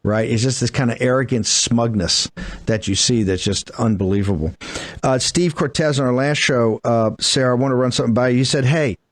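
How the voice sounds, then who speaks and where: A man's voice: mid-range voice, fairly even intonation, fairly quick, no echo. A man hosting a talk radio show, blunt and emphatic, firing off asides as he interviews his guests.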